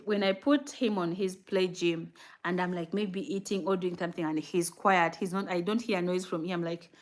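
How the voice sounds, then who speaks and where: A new mother with a mid-range voice vlogs casually, answering viewer comments and telling stories in an animated way. She acts out what she said back then, using fillers and laughing often.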